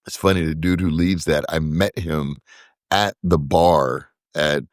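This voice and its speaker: A man with a very deep voice talks casually as a podcast guest. He often repeats a word or two while he hunts for a name. The sound is dry and close, with no room around it. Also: measured pace, dry recording. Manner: relaxed, repeats words while searching for names. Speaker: podcast guest, brewery co-founder. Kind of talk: casual interview talk.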